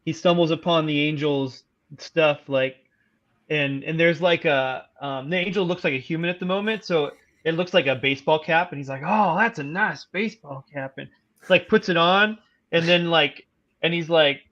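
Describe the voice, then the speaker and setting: Higher-voiced man on a dull lo-fi mic. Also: moderate pace. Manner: pitches scenes excitedly, reads text aloud. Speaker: podcast co-host. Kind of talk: casual writers' room brainstorm.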